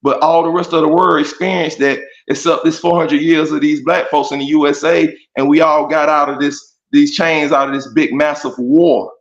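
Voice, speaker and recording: A man's voice: a little high, fairly even intonation, normal speed, few pauses. A man in a heated debate who talks insistently, repeats himself and stresses that he is being respectful. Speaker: debate participant. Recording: echoey, dull lo-fi audio.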